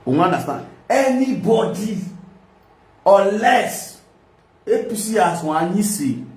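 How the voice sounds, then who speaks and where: High-voiced Nigerian man ranting loudly. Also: big pitch swings, takes it slowly, distant mic. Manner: loud, sing-song, switching between languages and pidgin. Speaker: live video host. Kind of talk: animated political rant. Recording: echoey room.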